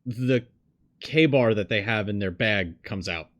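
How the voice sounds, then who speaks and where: A man's voice: lowish voice, slow pace. A man playing a tabletop role-playing game who thoughtfully describes his character's actions. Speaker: player.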